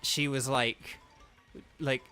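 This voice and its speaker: A man's voice: medium pitch, little pitch movement, slow, sharp tone, clear, resonant tone, faint music behind. An English man, a voice actor, chatting casually on a livestream, rambling with many fillers and restarts. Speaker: streamer and voice actor.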